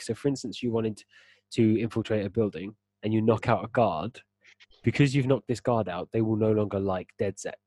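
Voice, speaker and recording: A man's voice: on the low side, a little mellow, no echo. A young man in casual gaming chat, explaining at length and laughing often as a podcast co-host.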